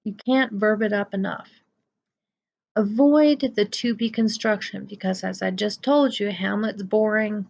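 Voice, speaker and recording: A woman's voice: medium pitch, fairly even intonation, unhurried, creaky, muffled recording. A woman giving a chatty, emphatic lecture as a college writing instructor, with playful asides. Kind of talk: recorded lecture.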